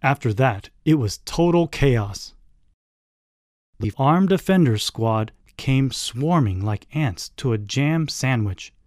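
A man narrates a children's story in a measured, deliberate way. His delivery is slow, and his pitch moves a lot to color each line. The recording is dry and close. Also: animated, darkish tone, dry recording.

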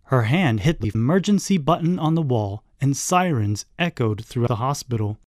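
A man reading a children's story aloud, in a measured, expressive way. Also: medium pitch, no room sound, studio quality. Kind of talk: scripted narration of a children's story.

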